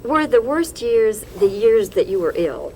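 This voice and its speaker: A woman interviewer asking questions and giving brisk, friendly prompts. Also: a little high, sing-song, warm tone, a little hiss or hum, low-quality recording.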